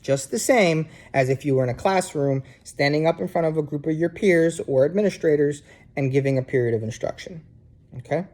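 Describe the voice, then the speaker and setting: New Jersey man, mellow casual lecturing voice. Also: a little high. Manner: conversational, checks in with frequent "okay?" and "um". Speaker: instructor. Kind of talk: casual recorded lecture to students. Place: living room at home, sitting on a couch.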